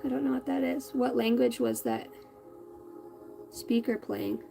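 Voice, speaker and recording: A woman's voice: fairly high pitch, steady tone, a little slow, vocal fry, mellow, soft background music, rough recording. A woman in her thirties hosting a tarot reading livestream, chatting casually and bluntly with viewers and swearing freely. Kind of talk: casual live-stream chat.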